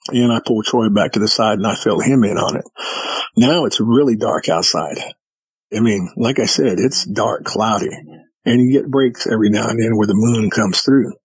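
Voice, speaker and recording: A man's voice: lowish voice, normal speed, husky, no echo, low-quality recording. A man, a guest, casually telling a story in vivid detail and acting out what people said. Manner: vivid retelling with quoted dialogue.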